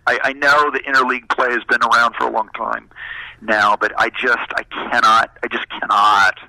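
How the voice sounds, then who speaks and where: A man chatting casually, telling stories in an animated, self-deprecating way. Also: medium pitch, moderate pace, vocal fry, dry recording, poor audio. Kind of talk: casual chat.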